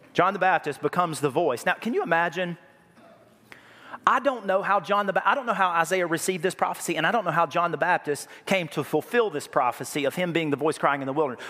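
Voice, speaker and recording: A man preaching a sermon, lively and joking, with a habit of repeating key phrases. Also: fairly high pitch. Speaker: pastor. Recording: reverberant hall.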